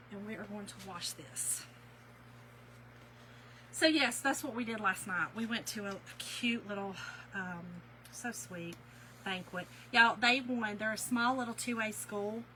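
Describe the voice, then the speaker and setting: A middle-aged woman leads a live craft tutorial in a bright, forceful voice, chatty and folksy with her viewers. Her pitch sits a little high, and a faint hum runs underneath. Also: low-quality recording. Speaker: craft instructor.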